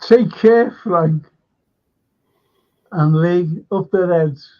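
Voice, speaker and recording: A high-pitched man talks extremely slowly while hosting a livestream, reading out viewer comments, rambling, and laughing often. The audio has a muffled, lo-fi stream quality.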